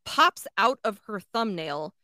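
A woman's voice: medium pitch, expressive, slow pace, bright, forceful tone, no room sound, studio quality. A woman co-hosting a podcast, recapping scenes in blunt, profane, incredulous casual chat. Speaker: podcast co-host.

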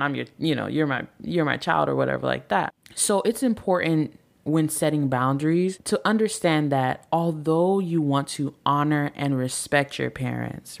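A woman in her thirties hosting a podcast, talking casually about family and marriage, full of "like" and "right?", acting out quoted lines. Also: deep voice. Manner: chatty, repeats "like" and "right?", acts out quotes. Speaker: podcast host. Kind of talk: casual advice talk.

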